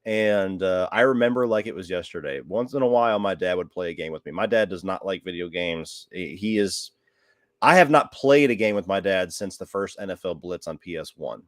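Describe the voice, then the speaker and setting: A man in his thirties hosting a casual podcast chat, excitable and quick to laugh. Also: sits low, no room sound, clean studio sound. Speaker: podcast host.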